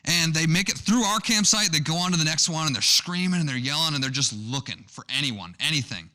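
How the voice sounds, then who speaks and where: A young male pastor with a bright, forceful tone preaches a sermon. He talks conversationally, drifting into a personal story, often restarting his phrases as he goes. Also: fairly high pitch, expressive, fast, hardly any pauses.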